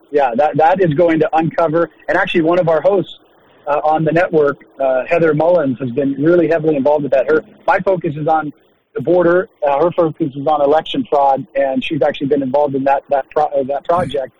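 A man who hosts the show, talking emphatically and often repeating words as he builds a point. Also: a little high. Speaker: host. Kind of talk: casual interview talk. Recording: dull lo-fi line with faint hiss.

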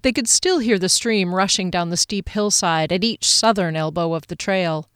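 Female audiobook narrator, expressive dramatic read, smooth clear tone, dry close sound. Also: lowish voice, moderate pace, no room sound. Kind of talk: scripted narration.

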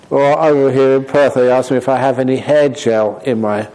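A man, a Buddhist monk answering audience questions in a dharma talk, humorous and anecdotal in an unhurried way. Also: medium pitch, noisy background. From Australia.

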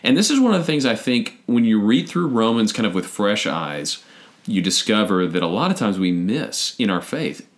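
A man with a low voice hosting a faith conversation, with very lively, rising and falling intonation. He reasons aloud step by step and often restarts his sentences. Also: moderate pace. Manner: thoughtful, explains step by step, frequent restarts. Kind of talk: casual theological discussion.

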